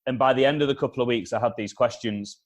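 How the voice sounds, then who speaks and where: A man, a communication consultant, giving animated advice in an interview, repeating his key points and acting out past conversations. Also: medium pitch, quick pace, lo-fi sound. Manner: energetic, repeats key points, acts out dialogue. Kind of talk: animated advice with acted-out anecdotes.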